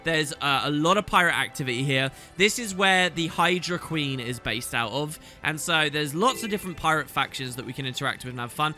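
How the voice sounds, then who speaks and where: A man's voice: expressive, a little fast, hardly any pauses, sharp tone, soft background music. A man in his thirties narrating a video game playthrough, chatty and enthusiastic. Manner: enthusiastic, chatty, swoops in pitch. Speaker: let's play host. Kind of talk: game commentary.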